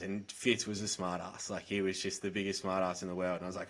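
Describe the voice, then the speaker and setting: Earnest, direct Australian man, lower voice. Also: fairly even intonation, fast, pushed and bright. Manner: direct, earnest, plain-spoken. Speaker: podcast guest, mental health advocate. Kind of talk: candid conversational storytelling.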